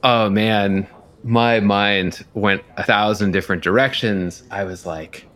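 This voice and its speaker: Male storyteller from the US, casual and animated, lots of pitch swings. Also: measured pace. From United States. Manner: animated, acts out both sides of a conversation. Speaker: storyteller guest.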